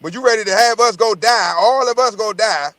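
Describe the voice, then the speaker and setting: A man's voice: sits high, brisk, fairly bright tone, no echo. A man in casual chat, telling profane, rambling stories and repeating his words as he goes.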